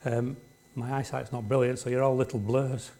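A man's voice: medium pitch, flat delivery, normal speed, dark tone. Man preaching, chatty tag questions. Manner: conversational, leans on tag questions to the congregation. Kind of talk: sermon. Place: church.

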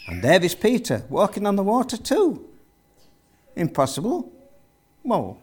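A man's voice: mid-range voice, a little mellow. A man preaching a sermon, retelling a story with vivid narration and rhetorical questions to the congregation.

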